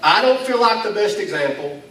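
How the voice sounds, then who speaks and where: This pastor's voice sits high and sounds animated, brisk, pushed and bright as he gives a self-deprecating, folksy sermon in a chatty style, with the odd chuckle. It's captured from a distance in an echoey school hall used for church, with a little background noise.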